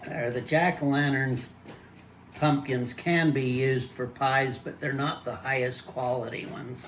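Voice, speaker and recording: A man's voice: medium pitch, steady tone, a little slow, slight background noise. An older man casually demonstrating how he cuts and prepares pumpkins at home, explaining plainly and restarting his sentences. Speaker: home gardener showing pumpkin prep.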